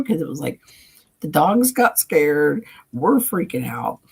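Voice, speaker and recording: A woman hosting a casual livestream chat, laughing often and acting out friends' lines in high squeaky voices. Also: sing-song, unhurried, darkish tone, husky, rough recording. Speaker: livestream host.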